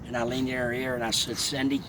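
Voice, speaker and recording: A man telling a heartfelt personal story in a rambling, halting way, as a vlogger. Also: medium pitch. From Alabama. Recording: steady background noise, vehicle sounds.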